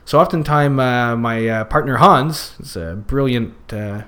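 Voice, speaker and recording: A man's voice: mid-range voice, measured pace, a bit bright. Rambling man in casual podcast chat. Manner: rambling, many fillers and restarts. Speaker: podcast guest, youth circus worker.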